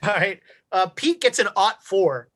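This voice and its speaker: A woman narrating as game master of a tabletop game, unhurried and full of fillers. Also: medium pitch, animated.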